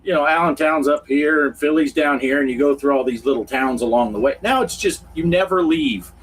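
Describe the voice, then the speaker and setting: A man's voice: a little high, brisk. Chatty, rambling man on a noisy stream. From Pennsylvania. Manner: rambling, chuckling storyteller. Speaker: co-host. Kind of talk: casual livestream chat.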